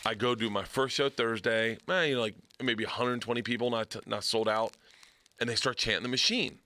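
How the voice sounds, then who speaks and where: A man's voice: medium pitch, steady tone, fairly quick, pushed and bright. A middle-aged man telling a story in a casual podcast chat, swearing freely and acting out the quotes. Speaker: comedian podcast guest.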